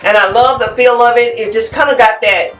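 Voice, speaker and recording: In a fairly quick, highish voice, a woman walks her viewers through her home decor finds, chatting and drifting off topic a little. The show-and-tell has an echoey, distant-mic sound with soft background music.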